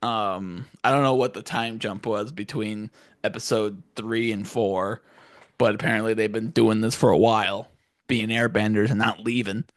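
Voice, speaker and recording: A man's voice: lowish voice, fairly even intonation, moderate pace, dry recording, clean studio sound. A young man co-hosting a casual podcast, laughing often, swearing, and acting out characters in exaggerated voices. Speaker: podcast co-host. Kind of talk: casual chat.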